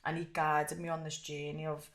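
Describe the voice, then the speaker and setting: A young woman, chatting as an interview guest and telling stories in an animated way with plenty of swearing. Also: deep voice, moderate pace. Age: young adult. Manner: animated storyteller, swears freely. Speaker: guest fighter. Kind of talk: casual interview chat. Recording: echoey room.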